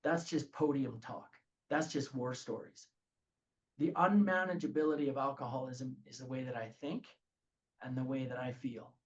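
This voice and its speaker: A man leading a recovery group study in a lively talk, often checking in with "okay?". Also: medium pitch, normal speed. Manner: animated, says "okay?" often.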